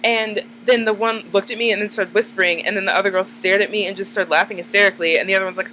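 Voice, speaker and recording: A woman's voice: mid-range voice, steady tone, rapid-fire, sharp tone, a little hiss or hum, poor audio. A woman in her twenties, chatting casually to camera, rambling and full of "like" fillers. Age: 20s. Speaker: vlogger. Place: dim room at night.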